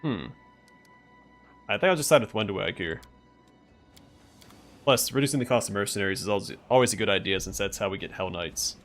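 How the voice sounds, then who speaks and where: A man's voice: lowish voice, fairly quick, long pauses, soft background music. A man streaming a role-playing game, thinking aloud in casual commentary as he plays. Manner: musing, thinking aloud with fillers.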